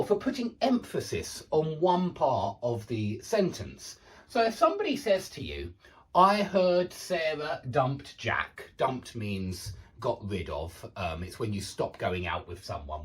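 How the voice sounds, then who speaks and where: Male teacher, animated pitch, patient explainer, mic a little distant. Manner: patient, explanatory, checks in with "okay?" and "yeah?". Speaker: English grammar teacher. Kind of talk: online grammar lecture.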